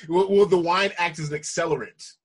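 A man's voice: sits high, moderate pace, slight background noise. A man hosting a podcast, playful and hyped, laughing often as he chats. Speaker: podcast host. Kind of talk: casual chat.

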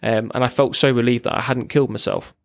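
Guy telling a raw story fast, swears a lot, gravelly, dead dry room. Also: mid-range voice, steady tone, dry recording. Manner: raw, blunt, swears freely, restarts. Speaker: podcast guest, RAF veteran. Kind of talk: candid personal account.

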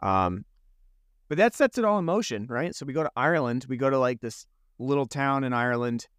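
A man's voice: medium pitch, fast, clear, resonant tone, no echo, clean studio sound. A man co-hosting a podcast, chatting casually and sarcastically about a holiday movie, often restarting his phrases. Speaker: podcast co-host. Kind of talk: casual movie review chat.

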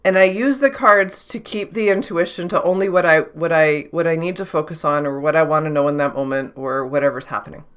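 Woman, intuitive channeler, solo reflective talk, bright clear tone, halting and self-questioning. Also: low-pitched. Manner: thinks aloud, self-questioning, frequent restarts.

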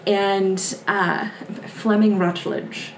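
A woman's voice: medium pitch, level tone, drawn-out words, a little hiss or hum. A woman co-hosting a casual faith podcast, often agreeing with short affirmations and then sharing her own thoughts. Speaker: podcast co-host. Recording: echoey, a little distant from the mic.

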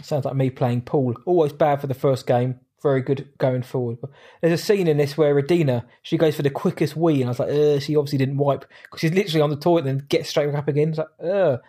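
A man's voice: fairly high pitch, steady tone, quick pace, mellow. A man co-hosting a podcast, chatting casually about a film in a jokey, rambling way, often correcting himself mid-sentence. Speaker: podcast co-host. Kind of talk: casual film review chat.

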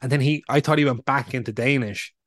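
A man's voice: mid-range voice, a bit bright, no room sound, studio quality. Chatty man co-hosting a podcast. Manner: chatty, storytelling with filler pauses. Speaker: podcast co-host. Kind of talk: casual chat.

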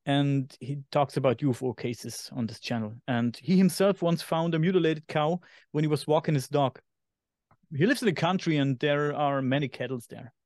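A man with a German accent chats casually as a podcast co-host, his voice a little higher than most men's. He stops now and then to find the right English word. The sound is close and dry, with no room around it. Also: a little mellow, no room sound. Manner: halting, searches for English words. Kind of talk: casual chat.

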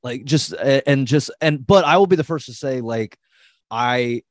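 A young man hosts a podcast in loose, rambling chat. He swears freely and laughs easily. His voice is mid-pitched and sits close on a dry mic. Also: normal speed, dry recording. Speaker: podcast host.

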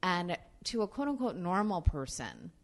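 Low-pitched woman guest, frank storyteller, swears freely, many fillers. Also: sing-song, moderate pace. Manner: profane, filler-heavy, candid. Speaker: actress, interview guest. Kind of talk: casual storytelling in an interview.

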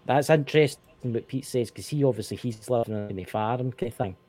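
A Scottish man co-hosting a casual podcast chat, animated and swearing, repeating himself when worked up. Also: mid-range voice, a little fast. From Scotland. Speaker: co-host.

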